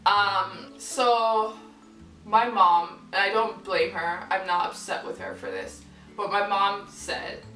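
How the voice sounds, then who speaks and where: A young woman telling a personal story to camera in a candid, lively, swearing casual style. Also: medium pitch, slow. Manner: candid, lively, swears freely, acts out quoted people. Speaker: vlogger. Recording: roomy echo, voice from far off mic, faint music.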